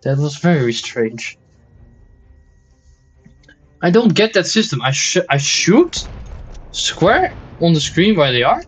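A fairly high, fairly bright male voice swings widely in pitch, going slowly and pausing often over soft background music. While playing a shooter as a gaming video host, he delivers exasperated, swearing jokes in his let's play commentary and sometimes shifts into mock German and Dutch.

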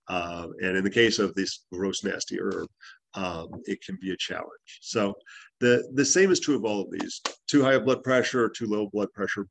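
A man's voice: fairly low pitch, gravelly, no echo. A man teaching a live class on herbs, talking casually with stories, fillers and restarts. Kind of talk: live class lecture with anecdotes.

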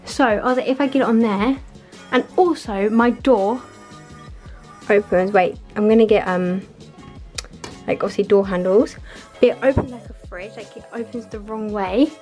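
A young woman with a fairly high voice chatters away in her bedroom, full of fillers and quick asides. She sounds a little out of breath, and soft music plays underneath. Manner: chatty, rambling, fillers like "like" and "literally". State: a bit out of breath. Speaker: vlogger. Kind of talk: casual vlog chat.

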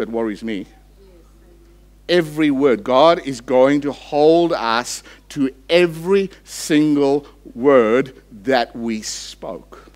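A man preaching a sermon as pastor, building to loud emphatic peaks and then dropping low and slow for effect. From Australia.

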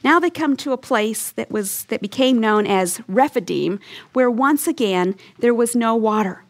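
Woman Bible teacher, slightly high voice, earnest and emphatic delivery. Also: lively intonation, measured pace. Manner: earnest and emphatic, leaning into key words.

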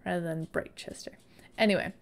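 A woman's voice: on the low side, fairly even intonation, a little fast, vocal fry, a little hiss or hum. A woman chatting casually and playfully on a live stream, now and then baby-talking to her dog.

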